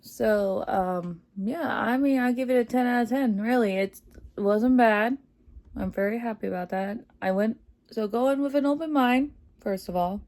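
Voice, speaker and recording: Chatty excited woman gushing about a movie she loved, mellow warm voice. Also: a little high, normal speed. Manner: gushing, chatty, many fillers, laughs often. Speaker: movie reviewer. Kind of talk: casual spoiler review vlog.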